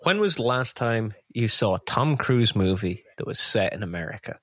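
A man's voice: on the low side, animated, normal speed, pushed and bright, no echo. A man co-hosting a podcast, chatting casually about films with rambling, swearing asides. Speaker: podcast co-host. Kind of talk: casual film podcast chat.

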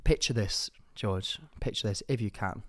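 A man's voice: fairly low pitch, moderate pace, fairly bright tone. A young man co-hosting a podcast, telling jokey, rambling stories in casual chat and jumping between topics. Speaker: podcast co-host.

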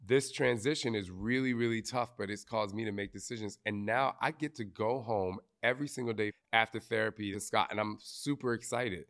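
A man hosts a live podcast in front of an audience, with a fairly low voice. He talks candidly and with feeling, and swears casually now and then. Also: fairly quick, hardly any pauses, fairly bright tone. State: briefly tearful. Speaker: podcast host.

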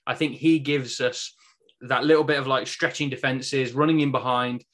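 A man's voice: medium pitch, fairly even intonation, moderate pace, fairly bright tone. A young man co-hosting a casual fan podcast, chatty and a little hesitant. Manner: chatty, hesitant, laughs easily. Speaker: podcast co-host.

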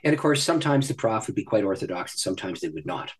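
A man who is a guest on a podcast, telling a personal story in an animated way and laughing often. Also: on the low side, fast talker, breathy edge. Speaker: podcast guest, ministry leader. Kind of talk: storytelling in a conversation. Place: podcast recording.

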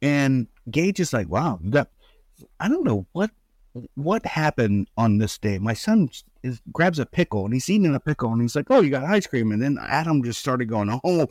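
Animated storytelling father, dry close sound. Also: moderate pace, dry recording. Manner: animated, acts out quotes with pitch jumps. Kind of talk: casual storytelling.

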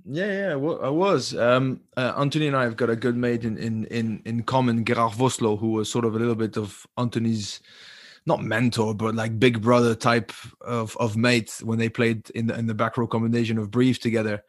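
Man telling a lively rugby story. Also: medium pitch, brisk, no echo, studio quality. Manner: animated, rises into retold dialogue. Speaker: former French rugby teammate, guest. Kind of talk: casual storytelling chat.

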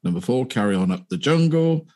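Easygoing male podcast co-host, lively pitch. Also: a little fast. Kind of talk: casual podcast chat.

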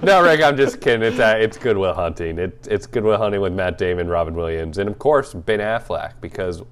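A young man with a very low, deep voice co-hosts a relaxed movie podcast. He talks in an easygoing, joking way and laughs a lot. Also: fairly quick. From Atlanta area. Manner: laid-back, joking, laughs often. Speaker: podcast co-host. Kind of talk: casual movie podcast chat.

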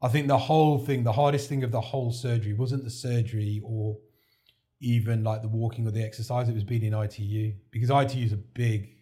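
A man's voice: mid-range voice, fairly even intonation, fast talker, warm tone. Chatty man telling his story. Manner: chatty, relives events by acting out quoted dialogue. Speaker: podcast guest, heart transplant recipient. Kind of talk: casual interview storytelling.

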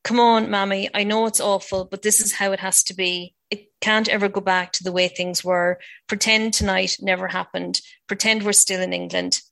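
Woman voicing a sharp defiant young wife, cutting, gravelly edge. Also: mid-range voice, little pitch movement, normal speed, few pauses. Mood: firm.

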